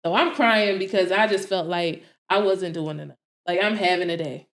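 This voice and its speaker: A woman in her thirties co-hosting a casual podcast, telling stories in an animated way, acting out her own quotes and laughing often. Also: on the low side, moderate pace, roomy sound. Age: 30s. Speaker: podcast co-host.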